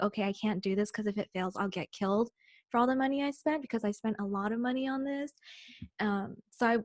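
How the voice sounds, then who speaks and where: A woman's voice: medium pitch, darkish tone, no room sound, clean studio sound. A young woman co-hosting a podcast, speaking frankly and casually about her business. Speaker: podcast co-host. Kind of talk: casual chat.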